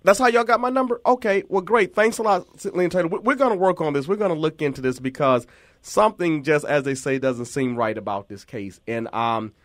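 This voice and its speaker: A man hosts a community talk show with an emphatic, encouraging delivery, sometimes repeating his words. His voice is slightly high, and the sound is dry and close. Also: a little fast, no room sound.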